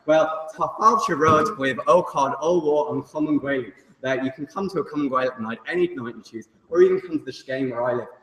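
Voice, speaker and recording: A man's voice: mid-range voice, brisk, hardly any pauses. A young man giving a comic student debate speech, chatty and teasing, full of fillers. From England. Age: young adult. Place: large debating hall. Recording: echoey hall, far mic, loud noise.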